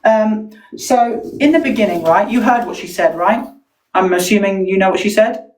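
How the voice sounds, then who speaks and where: Brief: woman, livestream host, animated storyteller who mimics voices, mid pitch. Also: normal speed, low-quality recording. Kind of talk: heated livestream chat.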